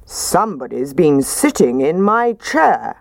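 Woman doing a gruff big daddy bear, low voice. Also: big pitch swings, takes it slowly, dry recording, full character voice.

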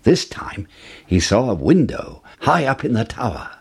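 A man narrates a fairy tale in a dramatic storybook manner. He speaks slowly in a husky voice, and his pitch swings widely as he reads. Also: very animated.

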